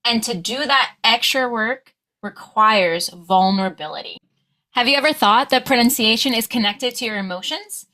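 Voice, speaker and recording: An American woman giving a pronunciation lesson as a coach, slowing down to model each sound. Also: a little high, bright, forceful tone. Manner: slow drawn-out modelling of sounds. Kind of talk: scripted pronunciation lesson to camera.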